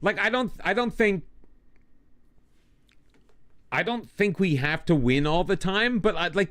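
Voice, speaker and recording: A man's voice: high voice, animated, measured pace, pauses often, fairly bright tone, no room sound. A man commenting casually on his own game as he plays, getting frustrated and talking back to it. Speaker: gaming channel host.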